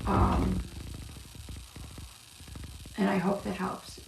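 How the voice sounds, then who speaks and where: A woman's voice: medium pitch, slow, gravelly, pauses often, recorded from a distance. Chatty woman on an echoey live stream. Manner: chatty, calls viewers love. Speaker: card reader. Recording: echoey room, off-mic, noisy.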